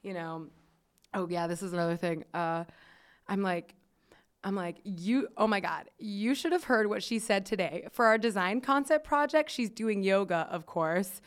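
A woman's voice: mid-range voice, normal speed, clear, resonant tone. A woman podcast host telling a story in casual chat, chatty and swearing freely, with lots of "like" fillers.

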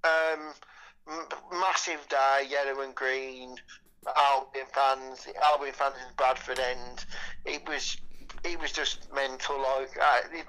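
A man's voice: mid-range voice, little pitch movement, takes it slowly, bright, forceful tone, low-quality recording. A man, chatting as a podcast guest, rambling with many repeated words and casual swearing. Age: 20s. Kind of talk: casual chat.

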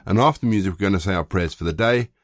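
A man leading a service, reading scripture in a measured, even way. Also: deep voice. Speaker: service leader.

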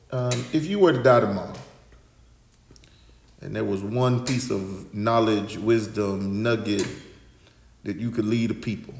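A man hosting a podcast, talking in an animated, theatrical way that slips into a preacher-like cadence. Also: fairly low pitch, creaky, roomy sound. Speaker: podcast host. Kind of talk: casual podcast chat.

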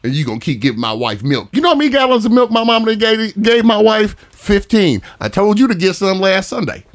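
Animated laughing man telling stories. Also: high voice, fairly quick. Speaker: podcast co-host. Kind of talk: casual storytelling chat.

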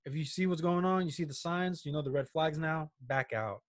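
A man's voice: a little high, a little fast, no echo, clean studio sound. A young man co-hosting a casual podcast in a small room, joking and slangy. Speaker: podcast co-host. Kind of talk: casual chat.

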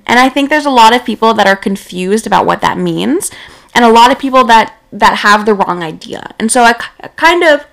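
A woman's voice: fairly high pitch, expressive, moderate pace, fairly bright tone. A young woman hosting a solo podcast as a business coach, talking casually and a bit tired late at night, with lots of "right?" and "like".

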